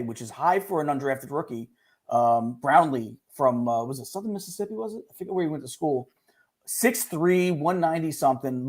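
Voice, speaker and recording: A man co-hosting a casual sports talk show, talking quickly and animatedly, often jumping in over the others. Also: fairly high pitch, a little mellow. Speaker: co-host.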